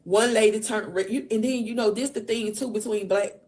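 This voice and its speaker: A woman podcast host casually retelling events in an emphatic, animated way, full of slang. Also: medium pitch, fairly quick. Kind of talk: casual storytelling recap.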